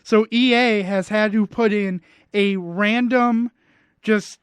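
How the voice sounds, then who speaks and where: A man's voice: high voice, fairly even intonation, takes it slowly, clean tone, dry recording. A man co-hosting a radio sports show, casually explaining game facts at length. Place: radio studio.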